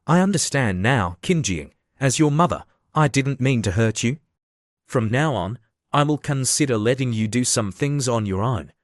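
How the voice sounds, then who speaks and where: Man reading stern middle-aged mother, formal, measured, dry storybook read. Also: medium pitch, expressive, no room sound, lightly acted.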